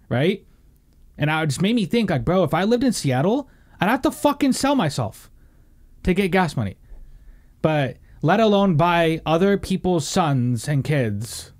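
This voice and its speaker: A young man hosting a casual podcast chat, talking in a rambling, animated way with plenty of swearing and fillers. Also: fairly high pitch. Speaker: podcast host.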